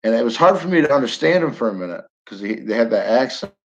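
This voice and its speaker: A man's voice: medium pitch, expressive, fast talker. A man from Northern New York chatting casually to his viewers, rambling and chuckling as he tells a story. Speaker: live stream host. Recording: dull lo-fi audio.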